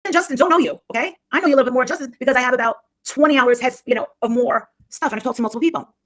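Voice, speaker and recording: A woman's voice: high-pitched, racing. Rambling, scornful woman on a live stream. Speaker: livestreamer. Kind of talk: rambling livestream gossip.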